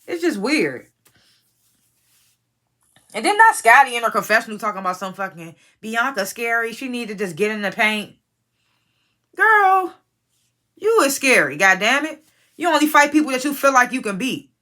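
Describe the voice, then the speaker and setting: A reality TV reviewer gives a casual, profane recap of a show in a brisk, expressive voice on the high side, pushed and bright. Blunt and opinionated, she speaks straight to the cast members she's judging.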